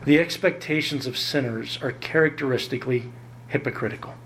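A man preaching a sermon, emphatic and lively, often jumping up in pitch to drive home a point. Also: a little fast, slight background noise. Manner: emphatic, rises sharply in pitch to stress points. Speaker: pastor.

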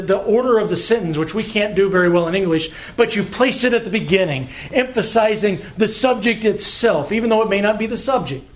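A man preaching a sermon to a congregation, slow and emphatic, repeating words and pausing for weight. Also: sits high. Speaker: pastor. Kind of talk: expository sermon.

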